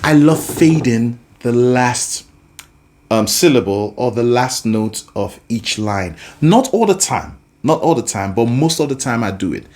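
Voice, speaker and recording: A man's voice: mid-range voice, darkish tone. A man teaching a singing lesson, explaining patiently and breaking into sung examples. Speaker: vocal coach.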